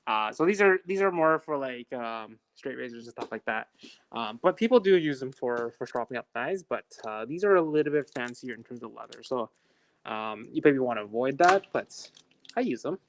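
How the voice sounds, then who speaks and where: A man's voice: mid-range voice, animated, moderate pace. A man co-hosting a live knife sharpening stream, reading out viewer questions and agreeing often, with plenty of "uh" and "um". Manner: hesitant, lots of "uh" and "um", agreeable. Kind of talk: casual live-stream chat. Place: knife shop.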